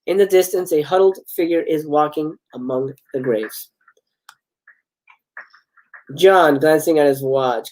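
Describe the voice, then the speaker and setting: A man's voice: a little high, a little slow, pauses often, darkish tone, poor audio. A man hosting a live stream, reading screenplay stage directions aloud with chuckling asides and occasional stumbles. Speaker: host reading film scripts. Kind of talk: live script read-aloud.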